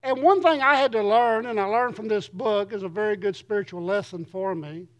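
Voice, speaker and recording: A middle-aged man, a pastor, preaching a sermon in an earnest way and reading scripture slowly with emphasis. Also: high voice.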